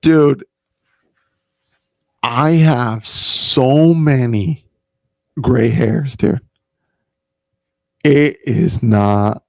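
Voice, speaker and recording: A man's voice: medium pitch, darkish tone, no echo. A young man hosting a podcast, rambling casually and profanely, saying "bro" and "dude" constantly. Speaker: podcast host.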